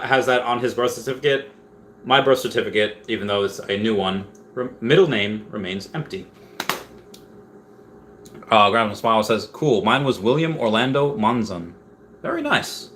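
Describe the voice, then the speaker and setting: A young man chats loosely through a home livestream and reads viewer comments aloud as he goes. His voice sits at an ordinary pitch for a man. A faint hiss of background noise runs under the recording. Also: fairly bright tone. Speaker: livestream host. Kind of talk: casual livestream chat.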